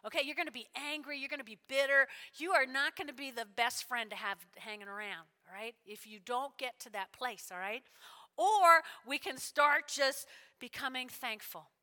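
High, bright-voiced woman preaching in a reverberant hall. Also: a little fast, few pauses. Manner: animated, repeats lines, checks in with "all right?". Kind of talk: sermon.

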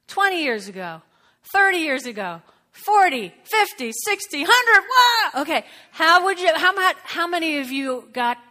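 A woman pastor preaching a sermon and leading prayer, animated and exuberant with sudden exclamations. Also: on the high side.

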